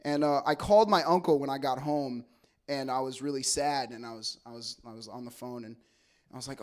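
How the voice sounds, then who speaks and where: A man's voice: mid-range voice, fairly quick. A man from El Segundo doing a stand-up comedy set, telling stories in a loose, rambling, profane way with lots of stammered restarts. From El Segundo, California.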